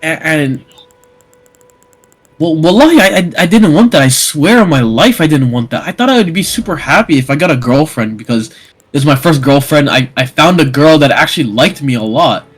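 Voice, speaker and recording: A young man talks through a painful story in loose, casual chat. His voice sits a little high and has a husky edge. He stammers and restarts often, his words spilling out unevenly. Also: animated, normal speed, soft background music. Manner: emotional, rambling, frequent restarts and stammers.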